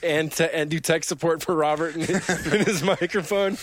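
A young man hosting a casual gaming podcast, telling animated stories and acting out quotes, with the odd swear word. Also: on the high side, moderate pace. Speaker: podcast host. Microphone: headset.

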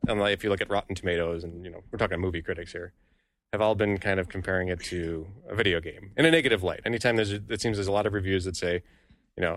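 A man's voice: low-pitched, fairly even intonation, fast, fairly bright tone. A man co-hosting a casual podcast, chatting and reading quotes aloud. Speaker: podcast co-host.

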